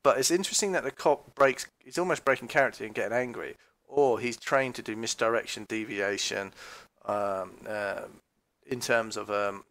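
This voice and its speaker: A man's voice: normal speed, fairly bright tone. A man giving casual, mocking commentary on a police recording, swearing freely and now and then mimicking voices. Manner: mocking, mimics voices with sudden high outbursts.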